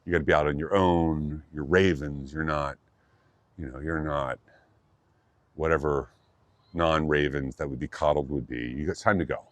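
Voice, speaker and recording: A man's voice: rumbling low, steady tone, normal speed, long pauses, dry recording. A man voicing stern raven parents pushing their young out, in a blunt, no-nonsense way.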